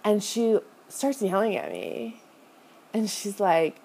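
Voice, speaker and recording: A woman's voice: fairly low pitch, very animated, a little slow, gravelly, warm tone. A woman hosting a podcast, telling a personal story in a chatty, confessional way, full of "like" and "you know", and talking straight to her listeners. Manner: confessional, addresses listeners directly. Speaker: podcast host and business coach. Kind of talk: casual storytelling monologue.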